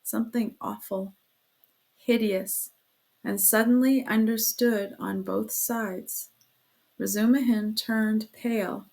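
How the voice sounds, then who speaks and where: A woman narrating a classic novel as an audiobook reader, expressive, giving the quoted lines their own voices. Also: medium pitch, a little slow, gravelly. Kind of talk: scripted narration.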